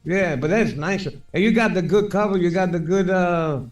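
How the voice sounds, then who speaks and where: A man's voice: sits high, normal speed, faint music behind. A man co-hosting a live stream in casual chat, rambling and swearing freely, affectionate toward his friends.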